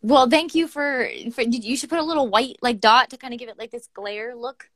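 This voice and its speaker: A bubbly young woman with a slightly high voice, chatting loosely and laughing as she co-hosts a poetry show. She swears casually and talks in quick, animated bursts. The sound comes through a video call. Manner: giggly, swears freely, animated. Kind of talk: casual chat.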